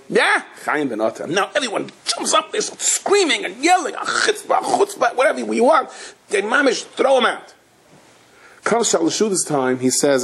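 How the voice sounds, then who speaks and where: A rabbi gives a Torah lecture as a lively storyteller, acting out the characters with sudden high-pitched outbursts. His voice has a breathy edge.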